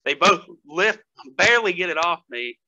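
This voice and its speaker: A man's voice: high voice, expressive, normal speed, sharp tone, slight background noise, rough recording. A man guest on a casual podcast, telling stories in a loose, hesitant way with frequent laughter. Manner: storytelling, laughs often, hesitant fillers. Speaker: guest strength athlete.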